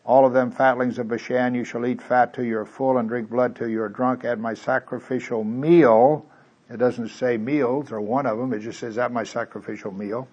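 A man preaching a sermon in a folksy, conversational way. He drops to quiet asides and then reads scripture loudly and emphatically. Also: medium pitch, little pitch movement, moderate pace, hardly any pauses, husky, highs cut off. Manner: swings from quiet asides to loud emphatic reading.

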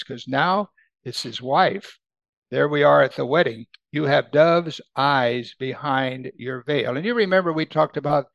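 Gravelly-voiced man preaching a sermon. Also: fairly high pitch, no echo, lo-fi sound. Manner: conversational, animated when quoting scripture. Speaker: pastor.

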